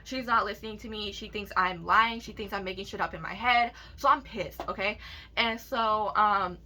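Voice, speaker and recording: Casting: young woman, bright forceful voice, candid storytime rant full of swearing and "like, right?" fillers. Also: mid-range voice, moderate pace, slight background noise. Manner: candid, heavy swearing, many fillers and tag questions. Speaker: vlogger.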